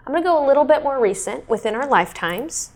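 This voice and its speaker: A woman in her thirties hosting a casual chat, explaining history in a lively, chatty way. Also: high voice, fast talker. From Kansas City area. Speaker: weather show host.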